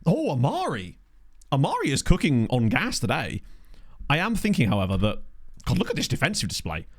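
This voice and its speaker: Streamer, man, lively up-and-down delivery, chatty play-by-play as he plays. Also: mid-range voice, fairly quick. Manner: excitable, chatty, thinks aloud. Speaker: video game streamer. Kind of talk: live gameplay commentary.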